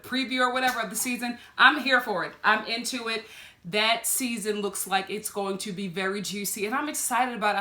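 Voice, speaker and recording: Reviewing a TV show in a loose, lively vlog, this woman laughs frequently and breaks into high-pitched exclaims. The sound has the echo of a room.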